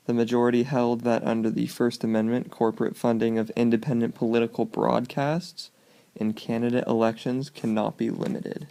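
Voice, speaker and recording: A man's voice: medium pitch, vocal fry, dark tone. A man reading out short case summaries in a casual way and adding offhand jokey asides between them. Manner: reads formal summaries, then adds offhand jokey asides. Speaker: student presenter.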